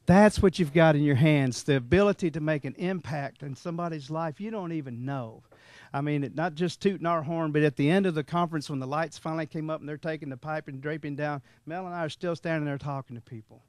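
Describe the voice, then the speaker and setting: A middle-aged man tells a folksy, rambling story to a room, laughing as he goes. His voice sits fairly high for a man. The sound is close and dry. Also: normal speed, dry recording. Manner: animated, rambling, laughs often. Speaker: motivational speaker at a sales meeting. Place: meeting room.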